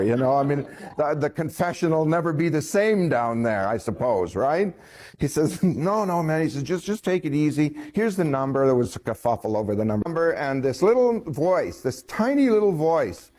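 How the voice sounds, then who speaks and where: A man telling a personal story in a folksy way, chuckling and acting out what others said. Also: a little high. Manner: folksy, chuckling, quoting others in lively voices.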